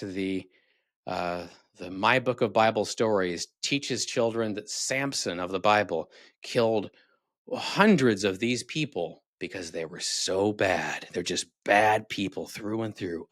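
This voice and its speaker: Man hosting, sarcastic and critical, lowish voice, dry sound. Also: fairly bright tone, no room sound. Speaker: video host. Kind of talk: casual commentary.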